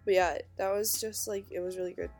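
A young woman with a stuffy, nasal voice from a cold, co-hosting a casual podcast from her bedroom over a video call, relaxed and full of ums. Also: fairly low pitch, soft background music. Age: young adult. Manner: relaxed and unhurried, with frequent ums. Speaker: podcast co-host. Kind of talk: casual chat. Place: own bedroom.

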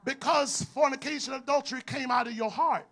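Male preacher, high, bright and forceful, sermon style. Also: fairly quick. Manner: shouting, animated call-and-response preaching.

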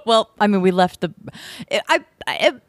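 A lively woman in her thirties chatting casually, her pitch leaping around as she tells a story. She swears freely and laughs often. The sound is close and dry. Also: moderate pace, no echo. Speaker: podcast co-host. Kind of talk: casual chat.

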